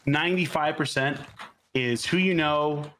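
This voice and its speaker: A man's voice: fairly high pitch, a little slow, pushed and bright, a little hiss or hum. A laid-back man from Florida, an actor guest on a podcast who tells stories and swears freely while chatting casually during a game.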